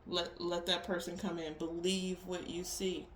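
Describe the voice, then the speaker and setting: A woman's voice: lowish voice, flat delivery, a little slow. Woman tarot reader, blunt and profane, casual pep-talk delivery, roomy echo with faint background hum.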